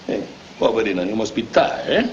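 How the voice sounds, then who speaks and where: An actor playing a hot-tempered but big-hearted Italian immigrant grocer, speaking broken English with an Italian accent and Italian phrases. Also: male voice, fairly low pitch, big pitch swings, brisk. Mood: tender. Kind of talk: 1930s film acting. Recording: dull scratchy 1930s film soundtrack.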